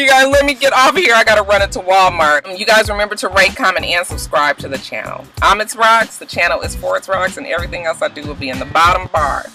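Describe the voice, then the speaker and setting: A woman casually recapping a reality show episode for her vlog, animated and profane, acting out the quotes she describes. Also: mid-range voice, rough recording. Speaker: vlogger reviewing a reality show.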